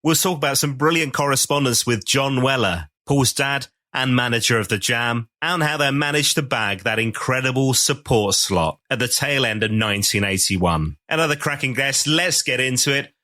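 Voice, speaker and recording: A man hosting a podcast, reading a lively intro and then chatting with enthusiasm. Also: mid-range voice, moderate pace, few pauses. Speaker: podcast host. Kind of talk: scripted intro then casual interview chat.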